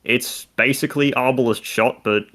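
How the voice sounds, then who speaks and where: A man's voice: mid-range voice, fairly even intonation, moderate pace, a bit bright. A man co-hosting a casual video game discussion, talking through stats and mechanics in detail. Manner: analytical, talks through game numbers. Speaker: content creator co-host.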